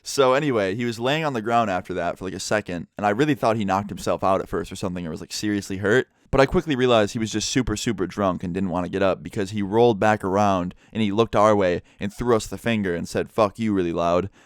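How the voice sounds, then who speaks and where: Brief: young male vlogger, quick, crisp delivery, casual and profane. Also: fairly low pitch, no room sound, studio quality. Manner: animated, casual, swears freely. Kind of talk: casual storytime.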